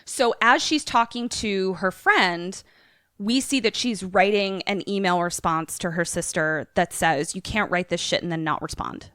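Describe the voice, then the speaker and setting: A woman podcast co-host casually retelling a film's plot, animated and profane, slipping into quoted voices. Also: mid-range voice, measured pace, no echo, clean studio sound.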